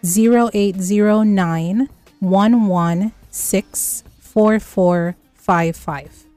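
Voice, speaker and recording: Woman, nutrition guest, slow, mellow tone, numbered points, dry studio, faint music. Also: mid-range voice, dry recording. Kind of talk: radio health talk show.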